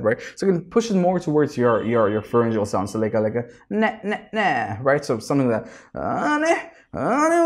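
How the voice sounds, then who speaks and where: A young man with an Indian English accent, coaching singing in a reaction video, energetic and always checking in with "right?". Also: mid-range voice. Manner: energetic, ends phrases with "right?"; restarts and repeats words often. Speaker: vocal coach.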